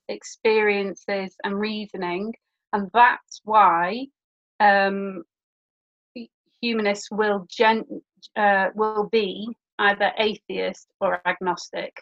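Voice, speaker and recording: A woman's voice: mid-range voice, fairly bright tone. Woman, podcast guest, chatty explainer, muffled remote sound. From born in England, raised in Birkenhead. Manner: chatty, explanatory, many fillers. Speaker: guest, humanist celebrant. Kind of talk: casual podcast interview.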